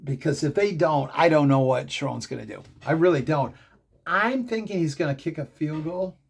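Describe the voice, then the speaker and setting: A middle-aged man hosting a fan show, telling a rambling, excitable story in casual commentary. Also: a little high, moderate pace. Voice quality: gravelly, husky.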